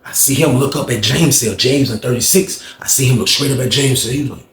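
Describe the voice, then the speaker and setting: A man's voice: medium pitch, fairly quick. A man telling a profane story casually, acting out the scene in an echoey room. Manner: animated, profane, acts out the scene.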